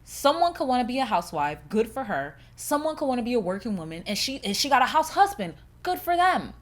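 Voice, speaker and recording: Brief: young woman podcast host with a voice on the higher side, candid and sweary, chatting loosely and animatedly. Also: fast. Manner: blunt, profane and candid; animated, with laughs and shifting emphasis. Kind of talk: casual solo podcast chat.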